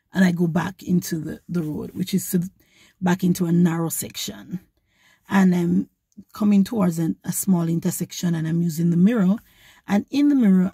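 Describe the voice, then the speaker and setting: A woman, a vlogger, retelling a story in an animated, indignant way. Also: fairly low pitch, vocal fry, breathy edge, no echo. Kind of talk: storytelling to camera.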